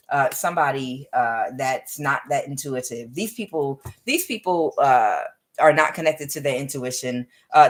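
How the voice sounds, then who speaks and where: A woman's voice: low-pitched, slight background noise. A woman giving a casual spoken tarot reading in a meandering, conversational way, often drifting into chatty asides. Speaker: tarot reader.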